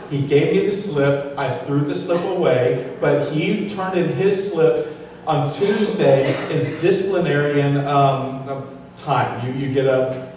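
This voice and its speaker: A man, a pastor, telling a humorous story in a sermon in an animated way. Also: fairly high pitch, slight background noise. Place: church hall. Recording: echoey church hall, distant mic.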